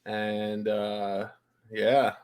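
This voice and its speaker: A tired man co-hosting a podcast, telling stories in relaxed casual chat. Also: fairly low pitch, very slow, clear, resonant tone. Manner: storytelling, laid-back. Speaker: podcast co-host.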